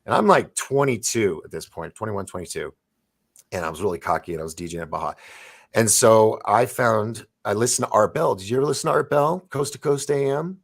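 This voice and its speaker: A man in his forties hosting a casual chat, telling stories in a rambling, excitable way with many restarts. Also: on the low side, brisk, creaky, slightly rough. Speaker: host.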